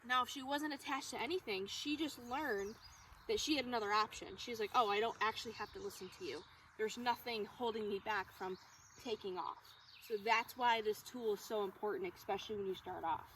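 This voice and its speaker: A young woman dog trainer explaining a recall exercise during an outdoor training demonstration, calm between bright calls to the dog. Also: a little fast. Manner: explains calmly, then high excited calls to the dog. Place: outdoors on a walk. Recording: distant mic with outdoor noise.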